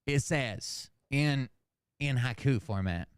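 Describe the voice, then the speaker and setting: A man's voice: mid-range voice, slow pace, clear, resonant tone, no echo, studio quality. A man hosting a casual commentary show, reading emails aloud with sarcasm and swearing. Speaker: host.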